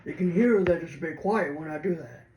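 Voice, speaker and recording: A man's voice: on the high side, brisk, a little mellow. A man hosting a casual computer walkthrough, explaining in a rambling, hesitant way with many restarts. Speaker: tech video host. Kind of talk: casual screen-reader walkthrough. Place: indoors at a computer. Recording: roomy room with faint noise.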